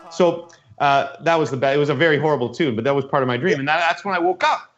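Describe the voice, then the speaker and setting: Male podcast host, casual chat, rambling storyteller, slightly high voice, dull lo-fi sound. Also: fast, faint music behind.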